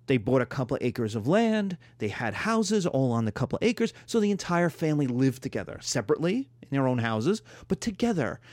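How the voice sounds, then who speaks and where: A man teaching a history class in a lecture style, telling lively stories and acting out little scenes. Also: on the high side, dry recording. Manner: animated storytelling, acts out quarrels in voices.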